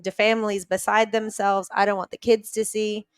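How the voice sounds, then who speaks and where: A woman from New Zealand, a podcast guest, earnestly retelling a personal story with quick restarts. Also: medium pitch, little pitch movement, smooth, no room sound.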